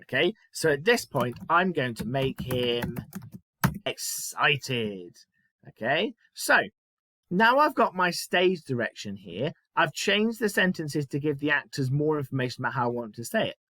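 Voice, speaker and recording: A man's voice: a little high, very animated, unhurried, pushed and bright, no echo. A man teaching a writing lesson, chatty and self-mocking, explaining step by step. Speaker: primary school teacher.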